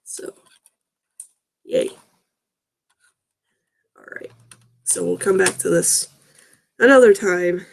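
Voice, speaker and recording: A woman's voice: fairly low pitch, takes it slowly, creaky, long pauses, a little hiss or hum. A woman reading fan fiction aloud with sarcastic, groaning asides. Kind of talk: mocking dramatic reading with commentary.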